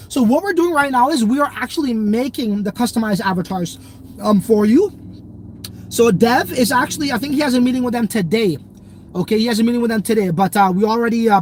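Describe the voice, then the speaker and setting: A young man with a higher, slightly mellow voice hosts a crypto livestream. He chats loosely in slang, rambling with many fillers as he reads viewer comments.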